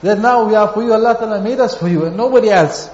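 A man's voice: sits high, fast talker, a little mellow. A man preaching a sermon, telling stories and repeating phrases for emphasis. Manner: storytelling with repeated phrases and acted quotes. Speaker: Islamic preacher. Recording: dull echoey hall.

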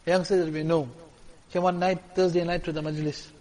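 A man delivers a storytelling sermon in a fairly high voice. He repeats key lines and swings between loud appeals and hushed pleading. The sound carries a long reverb from a hall. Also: little pitch movement, brisk. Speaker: preacher.

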